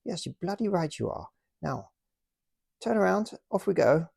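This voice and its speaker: A man's voice: high-pitched, sing-song, moderate pace, creaky, darkish tone, husky, dry recording, studio quality, voice pushed up, full character voice. A man putting on a posh British officer. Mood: smug, polite. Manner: clipped upper-class politeness. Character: posh male British army officer, polite but firm.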